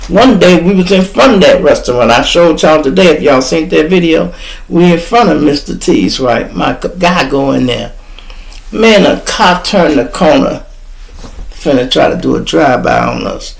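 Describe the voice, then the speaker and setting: Chicago man, gravelly and fairly high, profane and animated storyteller. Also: normal speed. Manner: animated, profane, acts out quoted voices. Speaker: podcast host telling stories.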